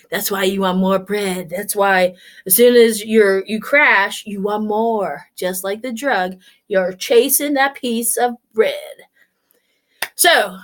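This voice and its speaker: A woman in her forties talking casually to camera, blunt and swearing freely as she tells stories. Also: mid-range voice. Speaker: vlogger.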